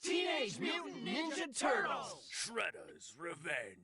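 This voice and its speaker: An actor voicing a hype video game title announcer who shouts slow, drawn-out lines, heard as game audio from far off. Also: mid-range voice, wildly swooping pitch, exaggerated voice. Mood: hyped.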